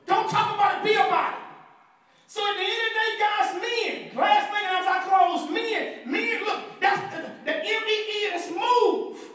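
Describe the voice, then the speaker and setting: A man delivers a fired-up motivational speech, shouting and exhorting the crowd. His strained voice rides very high. The sound is distant and rings through a big echoey hall. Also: normal speed. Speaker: motivational speaker.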